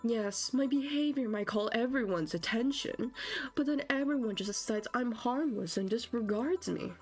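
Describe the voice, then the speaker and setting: A woman voicing a sly, secretive young man in a game, speaking calmly and in measured explanations. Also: a little high, soft background music, close to an everyday voice. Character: sly young man, secretive, dropped his pompous act.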